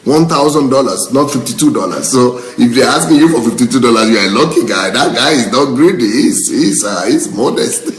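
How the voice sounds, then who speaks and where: A man's voice: medium pitch, lively intonation, a little fast, few pauses, roomy sound, low-quality recording. A male pastor giving live commentary on viewer comments, indignant and emphatic, repeating phrases for effect and often laughing. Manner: breaks into laughter.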